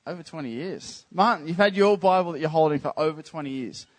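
A man preaching to his congregation in a loose, joking way, often stopping to tease people in the pews. His voice sits a little high for a man, and he fires off quick questions to the crowd. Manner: chatty, teasing, addresses the crowd with quick questions. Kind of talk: casual, joking sermon to a congregation. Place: church service.

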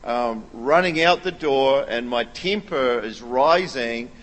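A man in his thirties preaching a sermon as a pastor, telling stories animatedly and at times rising almost to a shout. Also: medium pitch, slow. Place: large church hall. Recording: long reverb of a large hall.

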